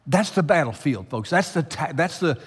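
A man preaching a sermon to his congregation, climbing loud for emphasis and then dropping low. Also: lively intonation, moderate pace, slightly rough. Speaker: pastor. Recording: long hall reverb.

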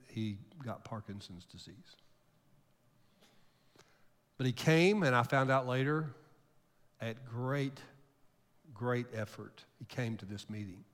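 An older man, a pastor preaching a sermon, telling a story emotionally, jumping from loud bursts to near-whispers. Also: mid-range voice. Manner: emotional storytelling with sudden loud rises and soft drops. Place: church sanctuary. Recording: long hall reverb.

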